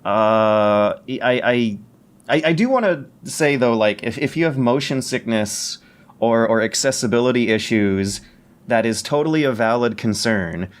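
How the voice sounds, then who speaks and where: Male podcast co-host, mid-range voice, rapid enthusiastic chatter that trips over itself. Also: medium pitch, expressive. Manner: fast, stammering, self-correcting enthusiasm. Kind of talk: casual podcast chat.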